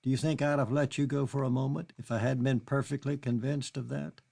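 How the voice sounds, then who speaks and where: A charming, smooth-talking gentleman with a deep, coaxing voice, as a male narrator plays him. A gravelly texture runs under the easy persuasion. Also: flat delivery, a little fast. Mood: dismissive.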